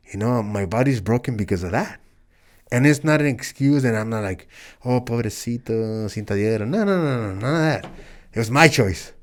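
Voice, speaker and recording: A man's voice: medium pitch, a little mellow. A man in his forties, a professional wrestler from El Paso and Juárez, earnestly telling stories in a casual interview and acting out the voices in them. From El Paso, Texas and Juárez, Mexico.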